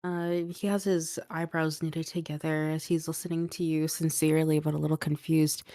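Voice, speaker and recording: Low-voiced woman narrating as game master. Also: level tone, moderate pace, few pauses, warm tone, no room sound, clean studio sound. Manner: descriptive, addressing players directly.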